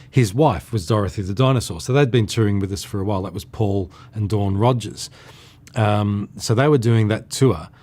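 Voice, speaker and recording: A man's voice: medium pitch, darkish tone. A middle-aged man with an Australian accent rambles through fond memories in a loose, conversational way. He tells his stories with frequent chuckles and the odd restart, like a performer thinking back over his career. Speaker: entertainer recalling his career. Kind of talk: casual reminiscing monologue.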